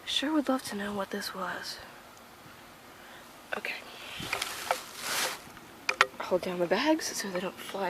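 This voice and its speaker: A young vlogger talks casually to her phone camera outside by a house, partly from a car, breathless and rambling with many fillers. She speaks slowly and animatedly at medium pitch, pausing often, and the outdoor phone audio carries background noise.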